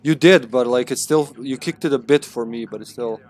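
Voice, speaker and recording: A man's voice: medium pitch, normal speed, darkish tone. A Welsh man in casual co-op gaming banter, jokey and laughing often, with the odd swear. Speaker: co-op gaming streamer.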